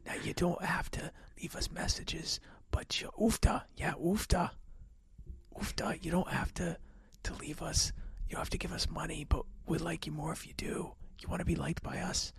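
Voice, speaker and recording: Guy putting on a sing-song whispered midwestern fella, whispered role-play, high and folksy. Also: steady tone, creaky, husky, dry recording, full character voice. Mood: chirpy whisper. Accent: Midwestern US (put on). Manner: folksy, drawn-out, begging for donations. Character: cheery whispering Midwestern man.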